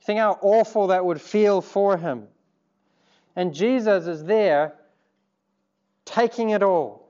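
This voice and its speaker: A man's voice: high-pitched, slow, warm tone, highs cut off. A man preaching a sermon, earnest and conversational, turning to the congregation with asides. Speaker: pastor.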